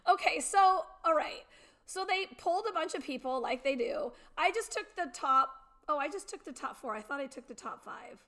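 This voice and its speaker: A woman's voice: high voice, animated, fairly bright tone. A middle-aged woman hosting a morning show, chatting casually and laughing easily. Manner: chatty and giggly, quick to laugh. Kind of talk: casual chat.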